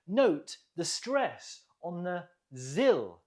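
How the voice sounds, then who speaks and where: Very slow, lively-voiced English teacher. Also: mid-range voice. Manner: deliberate, clearly enunciated, drills pronunciation with pauses for repeating; encouraging, gently praises learners. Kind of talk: online vocabulary lesson.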